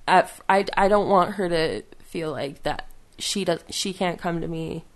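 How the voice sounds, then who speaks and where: A woman talking casually as a podcast guest, rambling and halting with many fillers and restarts. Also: lowish voice. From western United States. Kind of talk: casual conversation.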